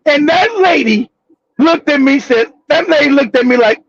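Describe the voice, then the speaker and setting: A man hosting a live talk show. He tells a casual, profane, animated story, laughing often and bursting into shouts. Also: extremely high pitch, takes it slowly, long pauses, slight background noise. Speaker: show host. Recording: dull, dry lo-fi audio.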